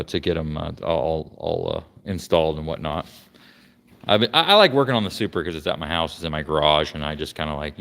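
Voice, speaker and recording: Rambling man with a low voice. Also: a bit bright, long reverb tail. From Florida, United States. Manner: rambling, many fillers and restarts. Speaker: vlogger showing his car collection. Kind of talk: casual walkaround chat. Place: garage workshop.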